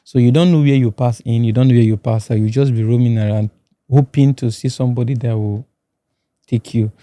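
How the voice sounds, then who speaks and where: A Nigerian-accented man telling his own story in a halting, restarting way. His voice is very mellow and dark, at a middle pitch. The recording is dry and close, as in a podcast studio. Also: steady tone, no room sound. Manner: halting, restarts and repeats words. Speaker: guest. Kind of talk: personal testimony in a podcast interview.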